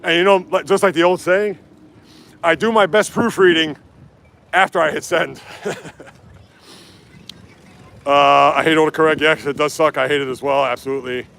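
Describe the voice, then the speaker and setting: A man's voice: fairly high pitch, fairly even intonation, moderate pace, creaky, pauses often, a bit bright. A man livestreaming outdoors on city streets from his phone, chatting casually and reading viewer comments aloud as he runs. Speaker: livestream host. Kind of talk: casual livestream chat while running. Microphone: handheld phone.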